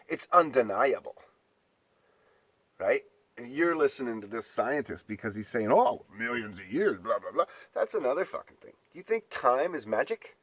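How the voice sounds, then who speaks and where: A man's voice: medium pitch, a bit bright, slightly rough, dry recording. A man delivering an exasperated, profane ranting monologue, mocking his listeners.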